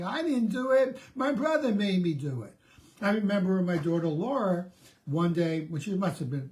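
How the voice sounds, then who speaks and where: A man's voice: a little high, dark tone. Man talking through self-help advice. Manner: conversational with frequent restarts and repeated words. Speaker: therapist. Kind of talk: solo self-help talk.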